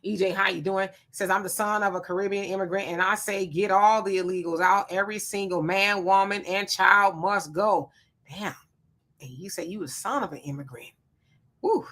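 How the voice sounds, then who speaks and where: Woman livestreaming, bright sharp voice, greets folks by name and chats back at their comments. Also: medium pitch, steady tone, normal speed. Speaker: livestream host reading viewer comments. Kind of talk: casual live-stream commentary.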